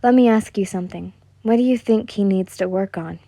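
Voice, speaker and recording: A woman voicing a calm father who explains things to his young daughter in a measured way. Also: medium pitch, dry recording, lightly acted. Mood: instructive.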